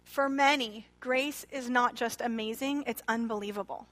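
A woman preaching a sermon in a church, retelling a parable expressively and acting out the quoted lines. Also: moderate pace. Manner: expressive, acts out quoted speech with shifting pitch and loudness. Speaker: pastor.

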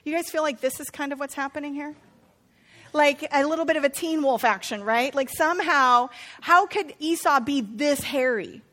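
High-voiced woman teaching a chatty Bible study. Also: normal speed, bright, forceful tone. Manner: chatty and playful, asks listeners questions.

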